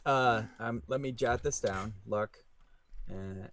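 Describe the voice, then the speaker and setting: A man narrating as game master, talking haltingly with many fillers and laughing easily, over a video call. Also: mid-range voice, a bit bright, a little hiss or hum.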